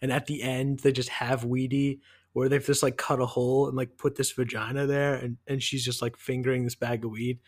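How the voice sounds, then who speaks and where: A man's voice: mid-range voice, little pitch movement, brisk. A man co-hosting a podcast in casual chat, rambling enthusiastically with many "like"s. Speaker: podcast co-host.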